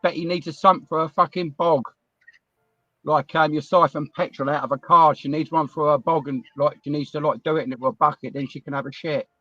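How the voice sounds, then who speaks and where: A man's voice: a little high, fairly even intonation, brisk, sharp tone, dry recording, lo-fi sound. A man with a British accent calling into a live chat from his car, talking bluntly and swearing a lot. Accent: British English. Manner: profane, blunt. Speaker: caller. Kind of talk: casual chat.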